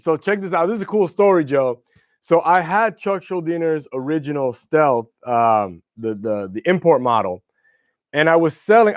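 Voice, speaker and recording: A man's voice: a little high, no room sound, studio quality. A young man hosting a livestream, telling rambling, profane stories about guitars in casual chat. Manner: loose, profane, rambling storytelling. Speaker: livestream host.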